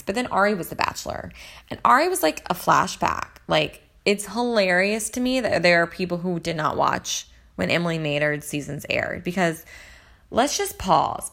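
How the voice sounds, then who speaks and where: Woman, low pitch, gravelly fry, casual chat, gossipy, rambling, lots of fillers. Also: fairly bright tone. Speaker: reality TV commentator.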